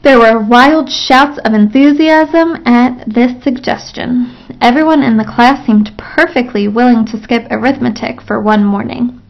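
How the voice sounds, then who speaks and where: Woman reading a children's book aloud, gravelly. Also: a little high, measured pace. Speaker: storybook reader. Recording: lo-fi recording.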